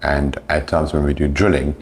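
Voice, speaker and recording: A man, an English teacher, explaining pronunciation patiently and slowing down to demonstrate sounds. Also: very deep voice, little pitch movement.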